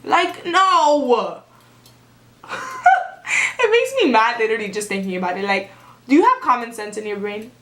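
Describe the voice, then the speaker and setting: A young woman tells a casual story to her viewers, sarcastic and animated, with "like" in nearly every line. Her voice sits a bit high and bounces off the walls of an echoey room. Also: a little fast. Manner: animated and sarcastic, heavy use of "like". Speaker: vlogger.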